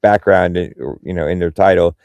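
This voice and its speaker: A man's voice: low-pitched, steady tone, brisk, creaky, darkish tone, dry recording, lo-fi sound. A man from Central Ohio with a Midwestern accent, chatting casually with many fillers and restarts. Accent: Midwestern American. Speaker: podcast host. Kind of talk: casual chat.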